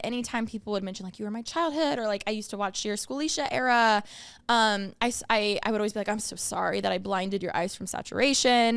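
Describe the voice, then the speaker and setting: A woman's voice: medium pitch, smooth, no echo. A young woman co-hosting a podcast in casual chat, telling stories animatedly with lots of fillers and acted-out quotes, on a close studio mic. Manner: animated storyteller, filler-heavy, acts out quotes. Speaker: podcast co-host.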